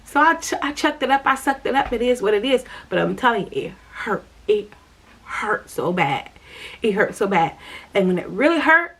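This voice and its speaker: A woman's voice: on the high side, animated, a little fast, fairly bright tone. A middle-aged woman telling her viewers a personal church testimony in an earnest way, repeating her key lines. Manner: earnest and repetitive, speaking straight to viewers. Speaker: vlogger sharing her faith journey.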